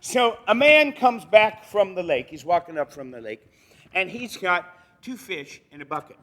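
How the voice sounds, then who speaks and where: A man's voice: high-pitched, very animated, normal speed, pushed and bright. A man telling folksy jokes in a live storytelling show at a retirement center. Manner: folksy, joking. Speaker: storyteller and singer.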